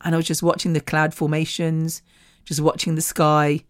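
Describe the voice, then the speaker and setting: A woman's voice: low voice, flat delivery, normal speed. A woman hosting a podcast, candidly telling a personal story in a chatty way, swearing freely and laughing often. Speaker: podcast host.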